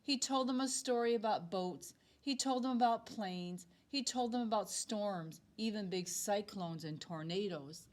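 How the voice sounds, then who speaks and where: A woman teacher reads a children's picture book aloud at a slow, unhurried pace. Her delivery is expressive and dramatic, building up the suspense in the story. Her pitch sits mid-range. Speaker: second-grade teacher.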